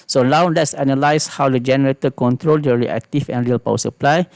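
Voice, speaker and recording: A man's voice: mid-range voice, steady tone, fairly quick, creaky, a little mellow, no room sound. A man with a Malaysian English accent giving a recorded engineering lecture, explaining patiently and repeating key phrases with frequent "okay" checks.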